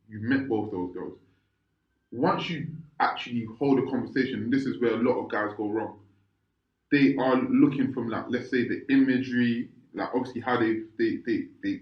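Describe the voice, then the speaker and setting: A man, co-hosting a podcast in casual chat, rambling with many restarts and checking if you understand. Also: medium pitch. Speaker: podcast co-host. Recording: echoey room, slightly muffled sound.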